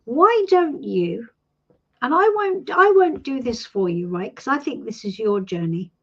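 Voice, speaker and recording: A middle-aged British woman hosting a live tarot stream, reassuring a viewer in a warm chatty manner and calling her sweetie. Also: a little high, very animated, a little slow. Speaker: tarot reader and host. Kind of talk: live-stream coaching chat. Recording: dull lo-fi stream audio.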